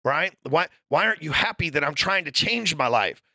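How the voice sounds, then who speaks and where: Male podcast host, high gravelly voice, profane storyteller, dry close mic. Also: animated, normal speed, dry recording. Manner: profane, loud storytelling with acted-out quotes. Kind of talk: casual podcast chat.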